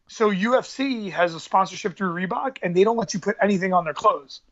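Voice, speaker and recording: A man's voice: high-pitched, fairly quick, a bit bright. Rambling New man, lo-fi. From New York area. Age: 30s. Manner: rambling, storytelling, hyped street slang. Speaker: MMA fighter and coach. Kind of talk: casual podcast interview.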